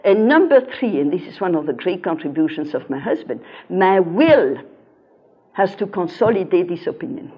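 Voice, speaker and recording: Older lady lecturing on philosophy, husky voice, earnest, hits words hard, muffled lo-fi recording. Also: fairly low pitch, big pitch swings, moderate pace. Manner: earnest and emphatic, stresses key words. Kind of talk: lecture with personal anecdotes. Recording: dull lo-fi recording.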